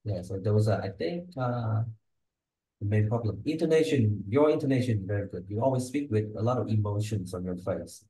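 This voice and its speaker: Fairly quick and with lively intonation, a man with a fairly low, mellow, dark voice tutors a student one-on-one in English pronunciation. He models words and peppers in "yeah?" and "okay?" checks, in an echoey recording.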